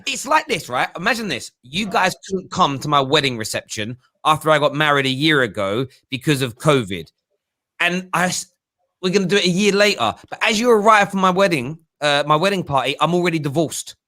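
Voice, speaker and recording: A man hosts a casual football show, voice sitting a little high and lively, telling jokey stories. The sound is close and dry, with no room around it. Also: a little fast, dry recording. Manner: animated, jokey storytelling. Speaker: host.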